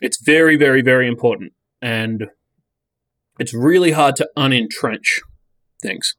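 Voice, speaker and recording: A man's voice: mid-range voice, measured pace, fairly bright tone, dry recording, clean studio sound. A man in casual podcast chat, blunt and sweary, often restarting his sentences.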